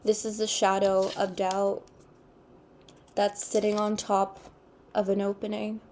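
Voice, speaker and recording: A woman giving an intuitive tarot card reading, speaking in an unhurried, earnest way and repeating her spiritual phrases. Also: mid-range voice, monotone, a little mellow, a little hiss or hum. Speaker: tarot reader.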